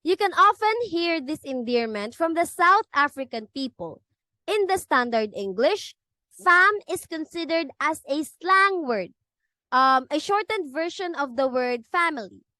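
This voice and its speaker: A woman's voice: high voice, expressive, unhurried, pushed and bright, dry recording. A woman reading a class lecture presentation from a script, stumbling now and then and restarting her sentences. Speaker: student presenter.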